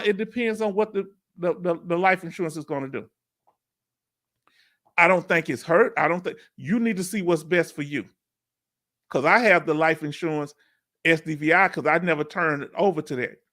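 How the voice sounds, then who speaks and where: With a voice that sits high, a Houston native with a Southern drawl hosts a relaxed Q&A stream for veterans. He reads the audience's comments aloud and keeps his talk animated and full of slang.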